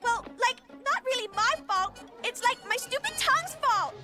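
A woman's voice: very high voice, lively intonation, normal speed, over loud music. An actress voicing a young, ditzy valley-girl cosmetics saleswoman in a cartoon. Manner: valley-girl talk, constant "like". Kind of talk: cartoon voice acting.

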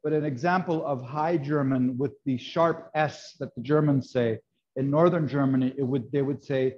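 A man's voice: medium pitch, fairly even intonation, normal speed, a little mellow, slight background noise. A man teaching a live baking class, explaining in a chatty way with many fillers and "right?" checks. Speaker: baking instructor. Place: kitchen classroom. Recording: dull lo-fi video call audio.

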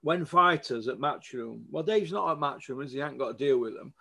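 A man's voice: mid-range voice, a little fast, vocal fry. A man, ranting bluntly about boxing to camera and keeps asking for agreement. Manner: blunt, animated, asks for agreement. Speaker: boxing vlogger. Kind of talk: casual opinion rant to camera.

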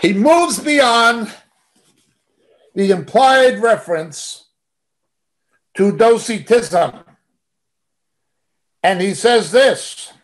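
A middle-aged man with a high voice and lively intonation leads a Bible study over video call, speaking very slowly with long pauses. He reads scripture aloud, then follows up with emphatic commentary.

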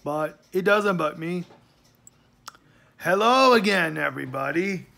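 A sleepy, yawning man giving a casual spoken announcement to his channel, halting with fillers and trailing off quietly. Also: sits high, expressive, creaky. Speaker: channel host.

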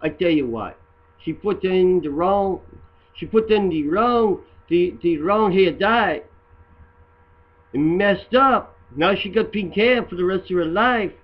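A man doing a crude loudmouth. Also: high-pitched, expressive, slow, dull audio, full character voice. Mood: mocking. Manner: crude, rambling, broken English. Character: crude, rambling immigrant guy mocking photos. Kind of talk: comedy satire monologue.

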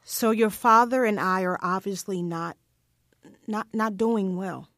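A hesitant middle-aged mother in a radio drama. She speaks haltingly and apologetically. The recording is close and dry. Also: medium pitch, fairly bright tone, dry recording.

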